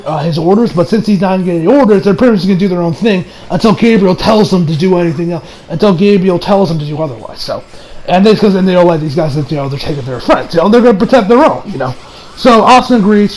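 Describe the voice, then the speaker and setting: A man giving a casual, rambling anime episode review, slangy and excitable, often laughing at his own remarks. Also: sits high, quick pace, a little hiss or hum, poor audio.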